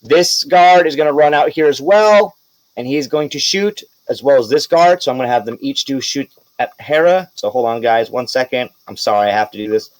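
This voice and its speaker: A man's voice: mid-range voice, a little fast, no room sound, poor audio. A man running a tabletop role-playing game as game master, narrating casually with laughs and swearing.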